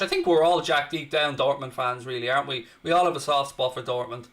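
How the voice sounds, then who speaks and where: A man's voice: medium pitch, a little fast, fairly bright tone. A man, hosting a live football watchalong with brash, crude, mock-boastful banter. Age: 30s. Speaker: host.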